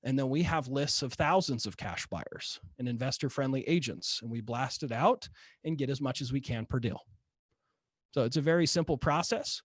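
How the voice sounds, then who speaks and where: A man guest telling a casual story, lively, peppering his talk with "right?" and "like". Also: medium pitch, moderate pace, no room sound, studio quality. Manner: animated, rising to excitement; many fillers like "right?" and "like".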